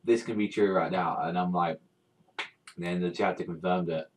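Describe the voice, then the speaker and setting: A man vlogging his reaction to a manga chapter, rambling through fillers, swearing constantly and bursting into shouts. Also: low-pitched, steady tone, normal speed, far from the mic, a little hiss or hum, poor audio. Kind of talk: excited reaction rant.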